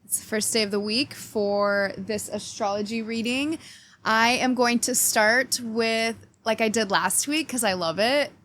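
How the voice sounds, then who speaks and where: Slow-talking woman, chatty astrology host. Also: a little high, a bit bright, a little hiss or hum. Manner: chatty and playful, cheeky swearing, talks straight to viewers. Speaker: astrology reader and channel host. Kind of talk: casual weekly astrology forecast with card reading.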